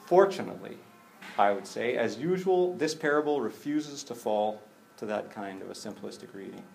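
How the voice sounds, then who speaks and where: A man preaching a conversational sermon, animated, with jokey asides and acted-out bits of dialogue. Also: fairly low pitch, normal speed, gravelly, slight background noise. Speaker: pastor.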